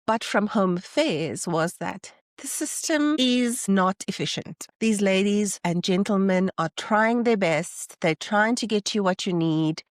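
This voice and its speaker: A woman hosting a casual solo podcast, talking in an animated way and acting out the people she quotes. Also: no room sound, clean studio sound. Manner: animated, acts out quoted people with rising pitch. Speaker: podcast host.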